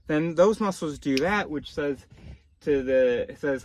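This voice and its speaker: A man's voice: on the high side, moderate pace, a little mellow, a little hiss or hum. A man vlogging in a casual monologue, rambling off on tangents and cutting himself off mid-phrase. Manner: rambling, self-interrupting, tangential.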